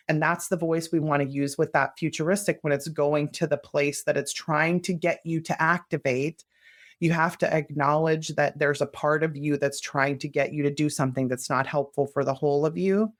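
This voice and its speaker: A woman's voice: low-pitched, steady tone, moderate pace. A woman guest on a podcast, earnestly explaining her ideas and acting out her own self-talk in casual conversation.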